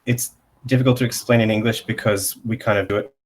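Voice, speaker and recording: A language teacher, a man, gives a casual online pronunciation lesson while sharing his screen. He explains slowly, with many pauses and fillers, in a lowish voice with a steady tone.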